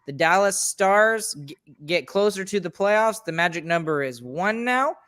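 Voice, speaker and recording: A man's voice: high-pitched, animated, a little slow, a bit bright, clean tone. A man hosting a sports podcast, talking in an upbeat, chatty way and wrapping up the show. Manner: upbeat, chatty, pleading jokingly. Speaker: podcast host. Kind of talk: casual sports chat.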